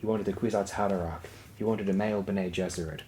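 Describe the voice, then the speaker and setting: A man's voice: low-pitched, fairly even intonation, fast talker, darkish tone, slight background noise, natural voice. A man reading as a cold, bitter young heir. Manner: iron-hard, bitter, commanding. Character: young male noble heir, cold and intense. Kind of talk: audiobook reading.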